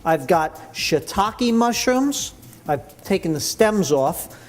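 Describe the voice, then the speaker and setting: A man's voice: sits high, animated, takes it slowly. A man hosting a cooking show, chatting enthusiastically as he explains each step. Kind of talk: cooking demonstration.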